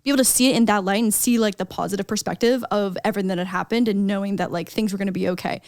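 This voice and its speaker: A woman hosting a podcast in casual chat, expressive and emphatic. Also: mid-range voice, rapid-fire, no echo, clean studio sound. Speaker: podcast host.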